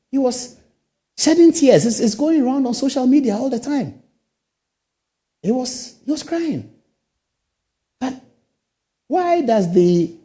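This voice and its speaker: A man's voice: sits high, warm tone. A Ghanaian man hosting a talk show, giving indignant commentary full of rhetorical questions and repeated phrases. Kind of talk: studio commentary.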